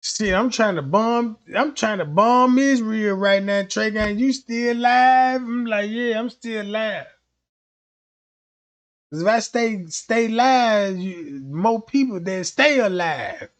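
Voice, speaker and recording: A man's voice: high-pitched, unhurried, hardly any pauses. A man hosting a stream, telling comedic stories in a rambling, profane, slang-heavy way. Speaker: livestream host. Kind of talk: comedic storytelling rant.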